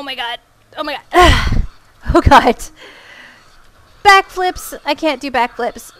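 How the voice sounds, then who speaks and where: Woman, high voice, unhurried delivery, let's play commentary, exclaims and mutters to herself. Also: a bit bright. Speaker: gamer.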